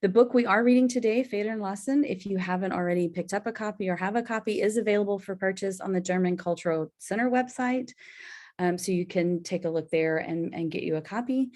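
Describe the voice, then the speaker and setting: A woman's voice: medium pitch, a little fast, darkish tone. A woman moderates an online book discussion, speaking over a video call. Her voice sits in a middle range and her introductions are loose and easygoing, with plenty of ums along the way. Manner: friendly, with frequent ums. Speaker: webinar host. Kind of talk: moderating a virtual book talk.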